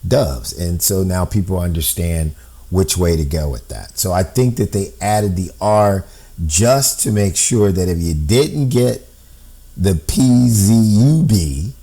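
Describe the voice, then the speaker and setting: A man's voice: deep voice, expressive, takes it slowly, mellow, husky. A man explaining a code on screen step by step, thinking aloud and often checking in with "right?". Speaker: amateur code-breaker.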